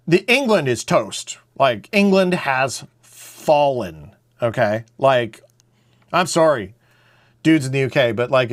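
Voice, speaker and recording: Animated man, lively pitch. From Canada. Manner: animated, blunt, rambling. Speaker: show host. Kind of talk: casual opinionated monologue.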